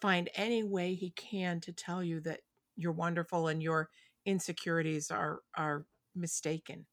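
A woman author speaking as an interview guest, explaining her writing in a thoughtful, steady way. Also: on the low side, normal speed, no room sound, clean studio sound. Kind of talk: casual interview chat.

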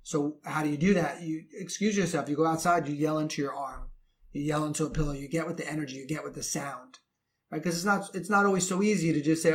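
A man's voice: a little high, fairly even intonation, fast talker. Earnest man coaching other men. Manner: earnest, preachy, repeats phrases for emphasis. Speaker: relationship coach. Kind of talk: advice talk to men.

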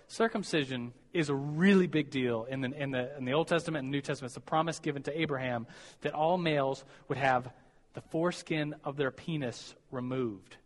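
A man's voice: mid-range voice, fairly quick, in a large hall. A young man giving a chatty, self-deprecating sermon to college students, giggling and stumbling over his words. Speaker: preacher teaching college students. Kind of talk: casual sermon.

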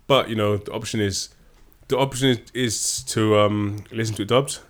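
A man's voice: lowish voice, steady tone, moderate pace. A man co-hosting a podcast in casual chat, playful and rambling, often restarting his sentences. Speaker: podcast co-host.

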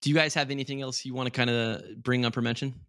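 A young man hosting a casual movie review podcast, quizzical and pressing with questions, and quick to laugh. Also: medium pitch, steady tone, fairly bright tone, dry recording, clean studio sound. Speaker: podcast host.

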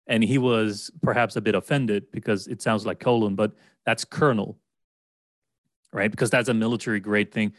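A man's voice: fairly low pitch, steady tone, brisk, no room sound. A man from Sweden with a Swedish accent, co-hosting a podcast in easy, rambling chat and often restarting his sentences. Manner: rambling, with frequent restarts and laughs. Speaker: podcast co-host. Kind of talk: casual chat.

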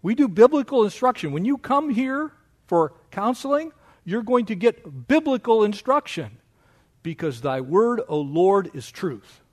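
Male pastor, sermon, very high voice, lively swooping pitch, animated preaching. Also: measured pace. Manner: animated preaching, mocking quoted objections in a higher voice.

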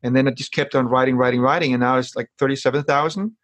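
A man's voice: mid-range voice, steady tone, quick pace, fairly bright tone. Male interview guest, speaking coach, earnest, often repeats himself mid-thought. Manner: earnest, repeats words while thinking. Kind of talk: casual interview chat.

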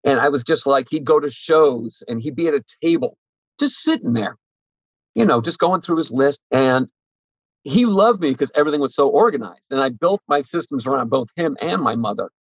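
A man's voice: medium pitch, lively intonation, normal speed, breathy edge, no echo, muffled recording. A man who runs a sports card shop, talking bluntly and animatedly in a casual podcast interview, swearing freely.

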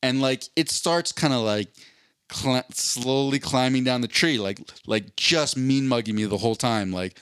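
A man's voice: mid-range voice, a little slow, a bit bright, clear, resonant tone, no room sound, clean studio sound. A man co-hosting a podcast who tells a long story in casual, profane chat and acts out voices as he goes. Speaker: podcast co-host.

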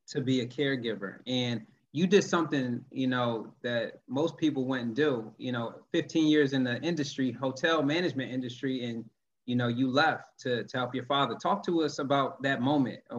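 A man's voice: mid-range voice, normal speed, a little hiss or hum. Muffled male podcast host. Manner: encouraging, short affirmations. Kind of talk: interviewing a guest.

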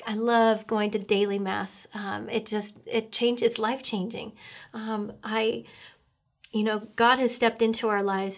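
A middle-aged woman speaks with an earnest, emotional tone. Her pitch stays fairly level and flat, and she hesitates often with fillers as she tells her testimony. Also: a little slow, creaky. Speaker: guest sharing testimony. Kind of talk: personal faith testimony.

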